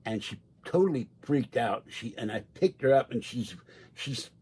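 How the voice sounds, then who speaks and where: A man's voice: medium pitch, lively intonation, moderate pace, a little mellow, husky. A man chatting casually on a livestream from his home, rambling from one story to the next and laughing often. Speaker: livestream host. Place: indoors at home.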